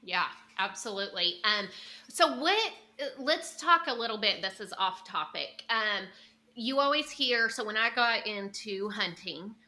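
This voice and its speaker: A young woman hosting a casual podcast, chatty and animated as she tells stories and asks questions. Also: medium pitch, unhurried. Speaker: podcast host.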